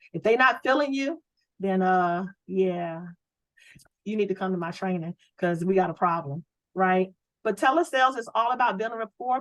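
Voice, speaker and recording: Energetic woman coaching a sales team. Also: medium pitch, no room sound, low-quality recording. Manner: energetic, preachy coaching with rhetorical questions. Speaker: sales trainer. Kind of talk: training talk on a video call. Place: home office.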